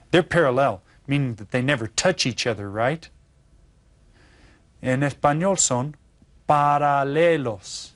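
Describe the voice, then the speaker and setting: A man teaching an elementary lesson, patient and slow, repeating words and checking in with his students. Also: medium pitch, no room sound. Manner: patient, explains slowly with repeats and check-ins. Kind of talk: classroom lesson.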